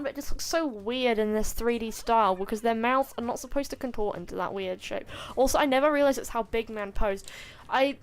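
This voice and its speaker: This gaming video host, a woman with a smooth, rather high voice, chats loosely over her gameplay. She rambles and jokes with her chat, throwing in mock boasts and internet slang.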